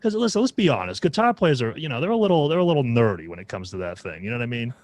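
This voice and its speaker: A man's voice: medium pitch, sing-song, rapid-fire, darkish tone, no echo. A man hosting a music podcast, chatting casually and rambling through his points. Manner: rambling, full of restarts and fillers. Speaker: podcast host.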